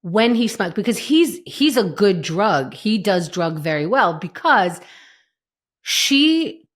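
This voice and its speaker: A woman co-hosting a casual podcast chat. She retells scenes with animated asides and acted-out quotes, in a mid-range voice. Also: medium pitch, slow. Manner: animated storytelling, acts out quotes. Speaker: podcast co-host.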